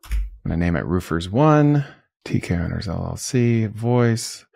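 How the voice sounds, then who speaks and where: An upbeat man narrates a screen-recorded tutorial, explaining each click as he makes it. His voice sits a little low. The sound is dry and close, with no room around it. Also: expressive, unhurried, creaky, a little mellow, dry recording. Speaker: host.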